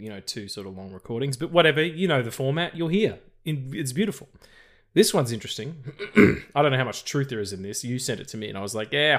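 A man with an Australian accent co-hosting a film podcast, talking loosely with jokes and swearing. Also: mid-range voice. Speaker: podcast co-host. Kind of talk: casual film podcast chat.

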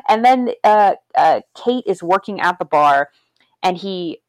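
Chatty low-voiced woman recapping a movie. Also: expressive, unhurried, a little mellow, dry recording. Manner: chatty, laughs often, retells scenes with quoted voices. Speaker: podcast co-host. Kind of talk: casual movie discussion.

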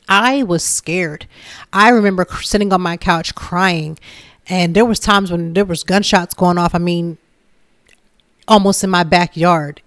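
A woman in her thirties talking candidly and from the heart about her own life, in a relaxed conversational way. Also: fairly low pitch, no room sound, studio quality. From Philadelphia area. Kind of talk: casual personal talk.

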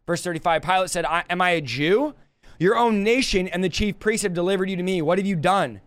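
A man giving a casual verse-by-verse Bible teaching, paraphrasing in colloquial, animated talk. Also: high voice, a little fast, clear, resonant tone. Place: livestream.

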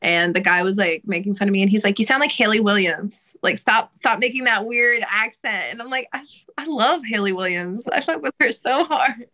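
A woman's voice: mid-range voice, moderate pace, pushed and bright, rough recording. A young woman, a singer, chatting casually as a podcast guest, laughing often and using casual slang and swearing. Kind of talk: casual interview chat.

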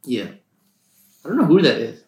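A man from Saskatchewan chats on a podcast, rambling through stories and laughing as he goes. His voice sits at a middle pitch. The room around him has a noticeable echo. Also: sing-song, moderate pace, a little mellow. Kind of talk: casual chat. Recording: echoey room.

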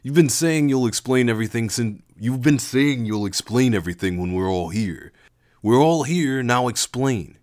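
A man voicing a confident, outspoken young man who speaks forcefully in a storybook reading. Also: mid-range voice, slow, few pauses, pitched above the performer's own voice, lightly acted. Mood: impatient. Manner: forceful and demanding.

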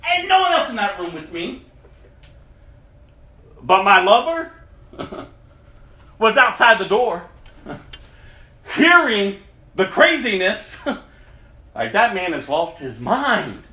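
A man with a high, forceful voice gives a personal testimony slowly and deliberately. He tells it dramatically, swinging from loud outbursts to hushed tones. The room around him is echoey. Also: very animated. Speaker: speaker giving a personal testimony. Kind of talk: emotional testimony to an audience.

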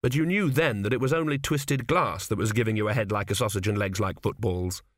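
A man narrating a comic fantasy audiobook in a measured, wry reading. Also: lowish voice, no room sound, studio quality.

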